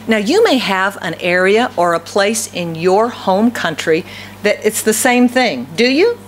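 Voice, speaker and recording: A woman's voice: mid-range voice, expressive, measured pace, slight background noise. A woman pastor from the southern United States with a light Southern accent, preaching a sermon and asking her congregation many rhetorical questions.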